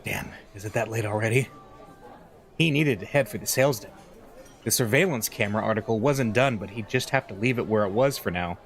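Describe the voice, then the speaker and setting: A man's voice: lowish voice, fairly quick. A man playing a visual novel, reading the story aloud with amused, chuckling commentary. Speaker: let's play gamer.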